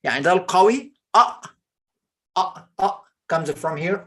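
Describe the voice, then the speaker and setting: A woman with an Egyptian Arabic accent, a native Arabic speaker, teaching English pronunciation in an online lesson and drawing out slow model words between fillers. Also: lowish voice, lively intonation.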